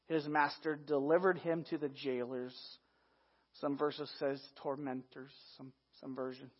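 A man preaching a sermon in a lively, conversational way, talking straight to his listeners as "guys". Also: medium pitch, a little slow. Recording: dull lo-fi recording.

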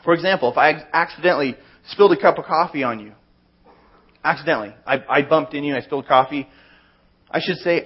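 A man's voice: medium pitch, fast, slightly rough, lo-fi sound. A man preaching a conversational sermon, working through plain everyday examples. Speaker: pastor.

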